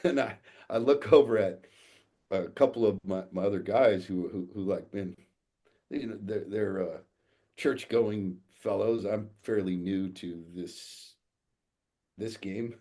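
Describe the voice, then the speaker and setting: Low raspy male coach, swears freely, tells it straight. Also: measured pace. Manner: blunt, profane, animated storyteller. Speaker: guest, fathers' coach. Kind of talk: casual podcast storytelling.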